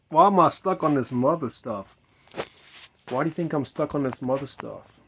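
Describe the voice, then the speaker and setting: A man's voice: fairly high pitch, fairly bright tone, slightly rough. A tipsy man rambling to camera outdoors at night, repeating himself, swearing and musing aloud to viewers he calls his children. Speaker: vlogger in a "Mother" persona. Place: outdoors at night beside a bar.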